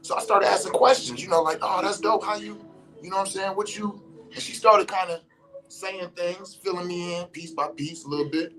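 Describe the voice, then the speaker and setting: A man's voice: high-pitched, fairly even intonation, a little fast, fairly bright tone, faint music behind. A man telling a story in casual slangy speech, cursing freely and acting out what others said. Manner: slangy, profane, acts out the voices of others. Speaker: storyteller recounting an encounter.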